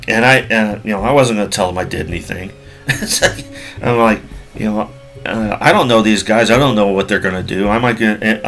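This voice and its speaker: A man's voice: fairly low pitch, gravelly, fairly bright tone. Rambling forty-something man telling a story. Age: 40s. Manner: rambling, repeats himself, many fillers. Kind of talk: casual spoken storytelling.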